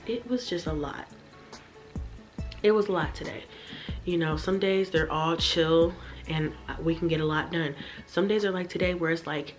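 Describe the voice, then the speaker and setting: A young woman talks to her camera from her bedroom, her low voice worn down by a stressful day. She speaks candidly and swears freely, addressing her viewers directly. A faint music bed plays under her talk. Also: fairly bright tone. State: tired and stressed. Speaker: vlogger, mother.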